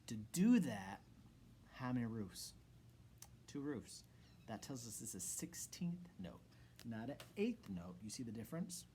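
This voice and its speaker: A man's voice: mid-range voice, expressive, moderate pace, slight background noise. A man who is a music teacher, giving a rhythm lesson to children in an encouraging way and chanting rhythm syllables.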